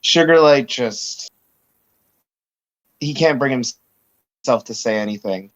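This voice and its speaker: A man's voice: mid-range voice, muffled recording. A man playing a tabletop game, describing his character's actions in a descriptive way. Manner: slow, descriptive. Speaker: player.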